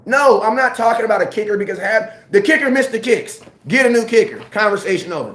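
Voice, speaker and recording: A man ranting casually about football, slangy and animated, repeating his points. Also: high voice, fast, few pauses, reverberant. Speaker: sports commentator. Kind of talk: casual sports rant.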